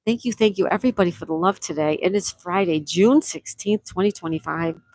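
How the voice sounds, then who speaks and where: A woman's voice: fairly low pitch, brisk, a little mellow, dry recording. A woman from the United States hosting a casual live stream, chatting and reading viewer comments aloud in an upbeat way. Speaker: livestream host.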